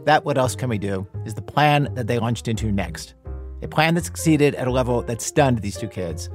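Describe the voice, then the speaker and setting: A man's voice: medium pitch, expressive, normal speed, soft background music. Man hosting a narrated radio show.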